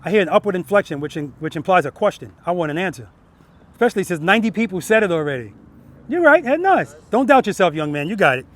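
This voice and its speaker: A man's voice: high voice, big pitch swings, fast talker. A man teaching a group of riders outdoors as their riding instructor, questioning the group and ending points with "right?". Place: outdoor practice lot.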